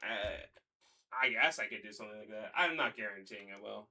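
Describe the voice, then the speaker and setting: A man's voice: on the low side, brisk, distant mic. A man chatting casually with his viewers on a live stream, hesitant and restarting his sentences. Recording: loud game music behind. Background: game music.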